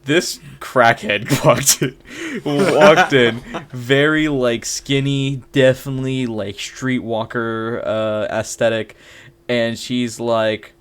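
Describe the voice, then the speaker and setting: A young man co-hosting a podcast, telling a story in a casual, animated way, laughing often and acting out the people in it. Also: medium pitch, slow, smooth. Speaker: podcast co-host.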